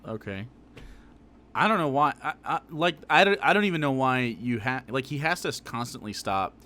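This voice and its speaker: A man's voice: mid-range voice, lively intonation, moderate pace, bright, forceful tone. A man live-streaming his reaction to a video, swearing freely, laughing and talking back at the screen.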